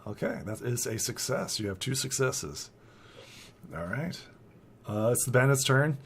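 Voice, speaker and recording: A man's voice: mid-range voice, sing-song, a little slow, creaky, slight background noise. A man narrating a tabletop game as game master, loose and chatty, with lots of "like" fillers.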